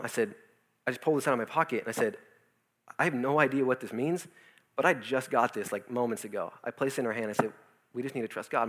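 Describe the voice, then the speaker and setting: Young guy rattling off a personal story real quick, bright voice, acts out the voices. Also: mid-range voice. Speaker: youth pastor. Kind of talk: personal testimony. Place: his office.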